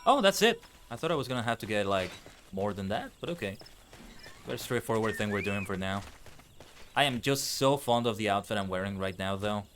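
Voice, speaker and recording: A man's voice: on the low side, lively intonation, fairly quick, noisy background. A man giving casual, chatty commentary while playing a game, sometimes stumbling over his words. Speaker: streamer. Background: game music.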